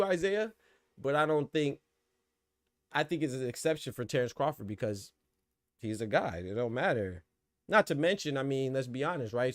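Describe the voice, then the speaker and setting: A man's voice: medium pitch, no echo. A man hosting a casual boxing podcast livestream, talking loosely in slang and laughing often. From Florida.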